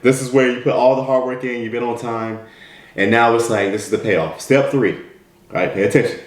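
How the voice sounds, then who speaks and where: A man's voice: mid-range voice, fairly even intonation, fairly quick. A man from the United States giving a direct, repetitive motivational talk as a mentor. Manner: direct, repetitive, keeps asking "right?". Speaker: motivational speaker. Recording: roomy echo.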